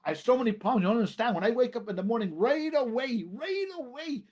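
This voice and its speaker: A man, a rabbi, preaching a sermon with emphatic repetition and dramatic pauses. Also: extremely high pitch, animated, darkish tone.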